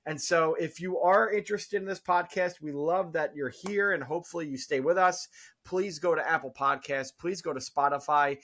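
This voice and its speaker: A man's voice: on the high side, moderate pace, a bit bright. A man co-hosting a casual podcast, chatty and enthusiastic, often repeating himself. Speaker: podcast co-host.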